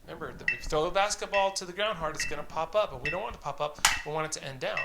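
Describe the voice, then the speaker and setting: A man's voice: fairly high pitch, very fast, creaky, heavy background noise. A man teaching drum rudiments, patiently calling out stickings and counting in exercises. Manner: patient, encouraging, counts aloud and calls out stickings. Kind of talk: instructional tutorial, counting off exercises.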